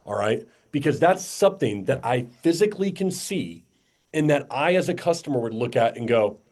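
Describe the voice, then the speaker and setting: A man talking as a podcast guest, blunt and animated, acting out quotes and swearing casually. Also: mid-range voice, brisk. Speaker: podcast guest, media company owner.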